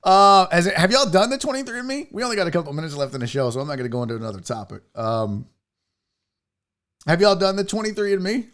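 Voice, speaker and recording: A man's voice: sits high, big pitch swings, fast, a bit bright. A man hosting a casual live show, rambling profanely and reading viewer comments aloud. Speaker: host.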